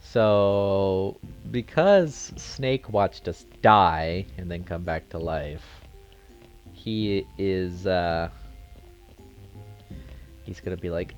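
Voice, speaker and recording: A man's voice: low-pitched, extremely slow, long pauses, muffled recording, soft background music. A man casually commenting while playing a video game, joking and offhand. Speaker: let's play host.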